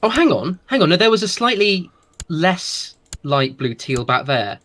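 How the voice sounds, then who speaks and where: A man's voice: sits high, big pitch swings, fairly bright tone. A man co-hosting a game livestream who jokes drily and restarts his sentences often. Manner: dry joking, halting restarts. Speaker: co-host and advisor. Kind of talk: casual livestream chat.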